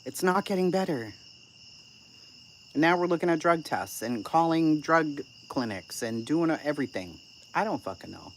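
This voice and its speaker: A host riffs through a casual live-stream, answering chat in a blunt, profane and sarcastic way. The pitch swings widely from line to line. Faint crickets chirp quietly behind the voice. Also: lively intonation, moderate pace, a little hiss or hum.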